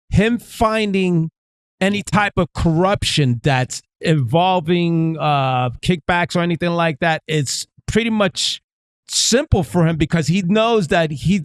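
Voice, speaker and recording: Male podcast co-host, higher pitch, dry close mic, halting and agreeable. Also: dry recording. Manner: agreeable, halting, with many restarts and frequent "right, right". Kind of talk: casual political chat.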